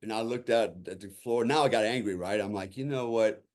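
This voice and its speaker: Speaking briskly at a fairly low pitch, this man is a guest on a podcast sharing a tale from his time in the military. He acts out the quoted lines of the people in it vividly, sprinkling in "you know" and "right?" as he goes.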